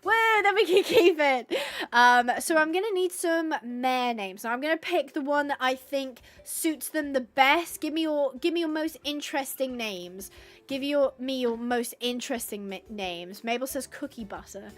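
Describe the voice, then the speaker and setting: A woman's voice: high voice, moderate pace. A woman chatting casually on a live game stream, reading out viewers' suggestions and cooing at animals. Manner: chatty, reads out chat suggestions, coos at animals. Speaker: livestreamer playing a horse-rescue game.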